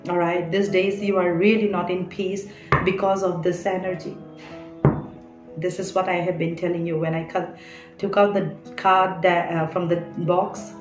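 Woman tarot reader, coaxing and earnest, echoey room with soft music behind. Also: fairly low pitch. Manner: earnest, coaxing, keeps adding "all right?". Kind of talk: spiritual tarot reading to camera.

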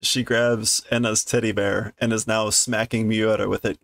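A man's voice: lowish voice, flat delivery, normal speed, gravelly, fairly bright tone, no echo, clean studio sound. A man casually reading a comic aloud on stream, amused and explaining the story as he goes. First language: English. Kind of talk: casual read-through with commentary.

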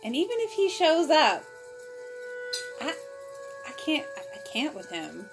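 A woman hosting a TV reaction video, talking back to the screen in an expressive, exclaiming way. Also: sits high, a little slow, over music. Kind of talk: casual TV reaction commentary. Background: TV episode audio playing.

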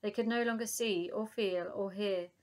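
A woman narrating a children's book aloud in a calm, even storytelling manner. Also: medium pitch, normal speed.

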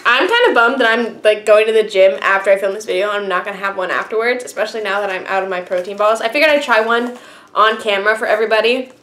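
A woman's voice: mid-range voice, fast talker, fairly bright tone. Bubbly young woman vlogging in an echoey room. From United States. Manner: bubbly, chatty, with many fillers. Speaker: YouTube vlogger. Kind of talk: casual product review vlog.

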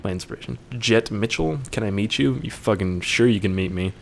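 A man's voice: lowish voice, fairly quick, gravelly, slight background noise. A young man reading viewer questions aloud and answering them in a casual, joking way, swearing now and then.

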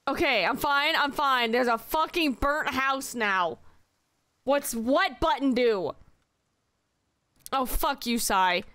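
Young woman streamer, high bright voice, exasperated and swearing, dry close mic. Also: slow, long pauses, dry recording. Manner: exasperated, swearing, yelling at chat. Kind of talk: live game streaming.

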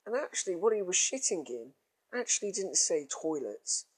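A man's voice: sits high, big pitch swings, husky. A man telling a crude comic story in a casual, rambling way. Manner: rambling, crude, drawn-out groans.

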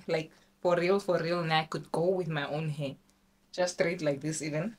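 A young woman from Namibia chatting casually in a vlog, excitable and talkative, with sudden high squeals. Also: moderate pace. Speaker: vlogger.

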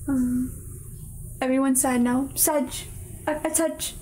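A woman streamer chats through a game playthrough with a high, light voice. She talks slowly and playfully, often tripping over her words and giggling. Faint noise sits under the voice. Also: dark tone. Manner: playful, giggly, stumbling asides. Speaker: VTuber streamer. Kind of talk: casual playthrough, reading game lines aloud.

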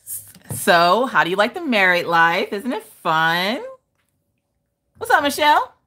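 A woman with a medium-pitched, sing-song voice and a sharp edge hosts a casual crafting livestream at a moderate pace. She greets viewers by name and reads their comments aloud, playful and laughing.

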